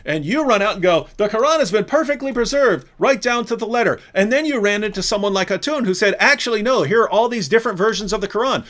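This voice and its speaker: A man hosting a live stream, making a point emphatically and growing forceful and indignant. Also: high-pitched. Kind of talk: argumentative live stream talk.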